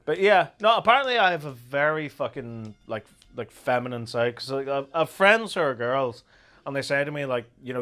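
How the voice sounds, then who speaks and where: A young Irish man hosting a casual, crude commentary chat, animated and laughing often. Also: mid-range voice, normal speed. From Ireland. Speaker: commentary host.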